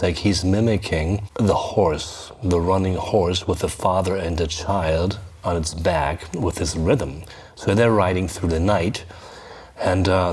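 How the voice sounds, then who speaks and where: A man's voice: low voice, darkish tone. A man explaining a classic poem in an earnest, enthusiastic lecture. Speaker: literature lecturer.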